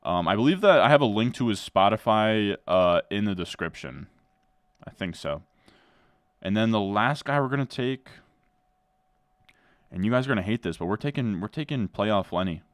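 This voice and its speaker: Deep-voiced laid-back guy. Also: expressive, normal speed, pauses often, no echo, studio quality. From New Jersey. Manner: laid-back, says "dude" a lot, answers chat as he goes. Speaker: fantasy football streamer. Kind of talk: casual live-stream chat while drafting.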